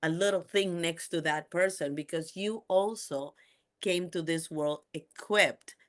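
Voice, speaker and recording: Podcast host, female, low-ish voice, animated storyteller. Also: a little slow. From Peru. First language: Spanish. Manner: animated storyteller who acts out quoted voices. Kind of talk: casual interview chat.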